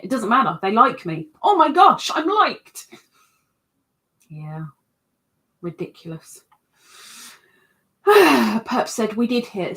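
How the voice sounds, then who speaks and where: A woman hosts a casual livestream from her home computer, reading out viewers' comments and chatting along. She talks at an unhurried, slow pace and makes fun of herself as she goes. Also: mid-range voice, fairly bright tone. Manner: chatty and self-mocking, reads out comments. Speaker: livestream host.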